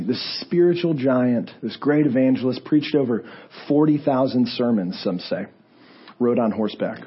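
Male pastor, hoarse and raspy, mid-pitched, conversational sermon delivery swinging from hushed to loud, muffled church recording. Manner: lively storytelling, shifting between hushed and raised voice. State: hoarse, lost voice. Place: church sanctuary.

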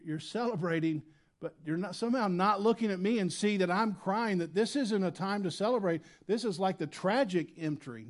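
Animated male pastor preaching. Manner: animated, swings between loud emphatic and quiet low delivery. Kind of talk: sermon. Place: church sanctuary.

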